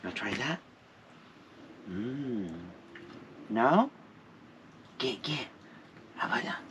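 A man's voice: mid-range voice, very animated, slow, fairly bright tone, a little hiss or hum. A man chatting cheerfully through a casual gardening vlog outdoors at a camp, cooing at his pets. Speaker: vlogger.

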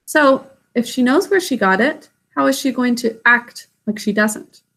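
A woman's voice: on the high side, creaky, fairly bright tone. Woman reading a storybook aloud. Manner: pauses to explain the story plainly. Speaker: story reader. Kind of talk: reading a children's book aloud.

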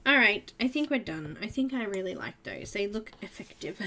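A woman's voice: medium pitch, big pitch swings, normal speed, hardly any pauses, bright, forceful tone. A woman chatting and giggling through a live coloring tutorial, talking to herself as she works. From Australia. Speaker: art tutorial host.

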